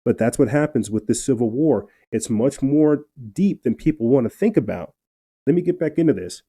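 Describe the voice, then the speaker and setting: A man's voice: medium pitch, expressive, normal speed, warm tone, breathy edge. A man hosting a political commentary podcast, reading news articles aloud and getting fired up, with frequent stammered restarts. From New Mexico, USA. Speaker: podcast host.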